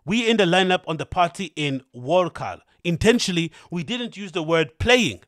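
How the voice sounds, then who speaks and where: A man's voice: high-pitched, lively intonation, moderate pace, a bit bright, no room sound, studio quality. A man putting on a fuming foreign DJ. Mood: indignant scolding. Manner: ranting, indignant, scolding. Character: irate male foreign DJ venting in a tweet.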